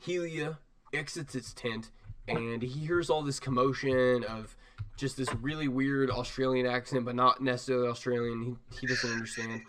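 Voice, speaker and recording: A young man narrating as game master of a tabletop game, animated and quick to laugh. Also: mid-range voice, clear, resonant tone.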